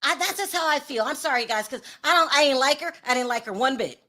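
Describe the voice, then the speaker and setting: A woman's voice: high-pitched, animated, fast, sharp tone. A woman hosting a celebrity gossip show in casual commentary, blunt, sassy and dismissive.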